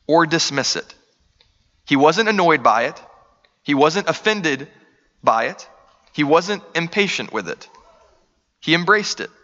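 A man's voice: fairly high pitch, bright, forceful tone, in a large hall, muffled recording. A man preaching a sermon, earnest and conversational, asking the room rhetorical questions. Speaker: pastor.

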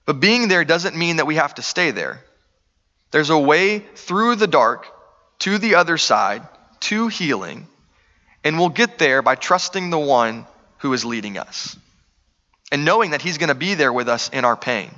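A man's voice: a little high, expressive, a little slow, bright, forceful tone, in a large hall, highs cut off. A man preaching a sermon, earnest and conversational, asking the room rhetorical questions. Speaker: pastor.

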